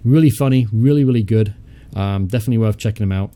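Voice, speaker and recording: A man's voice: on the low side, quick pace, warm tone, clean tone. A young man hosting a casual let's-play, chatty, thinking aloud as he goes, muttering and swearing offhandedly. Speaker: gaming channel host.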